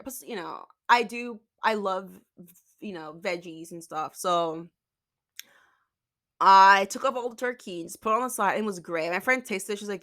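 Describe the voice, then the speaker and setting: A woman's voice: fairly low pitch, moderate pace, bright, forceful tone. A young woman telling a storytime vlog in a chatty, exasperated way, full of fillers. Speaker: vlogger.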